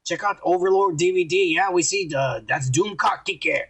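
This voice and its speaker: Guy cohosting a podcast, husky and gravelly, cursing a lot while reading comments. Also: high voice, normal speed, a bit bright. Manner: swears a lot, reads viewer comments aloud. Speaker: podcast co-host. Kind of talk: casual drunk podcast banter.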